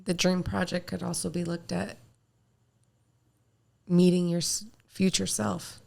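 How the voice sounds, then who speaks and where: A woman co-hosting a casual podcast, talking in a calm, self-assured way. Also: on the low side, a little slow, creaky. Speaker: podcast co-host. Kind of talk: casual chat.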